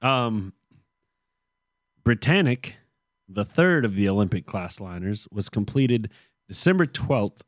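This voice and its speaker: A man's voice: lowish voice, sing-song, takes it slowly, long pauses, dry recording, clean studio sound. A man co-hosting a casual podcast, reading history from his notes with joking, sarcastic asides. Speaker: podcast co-host.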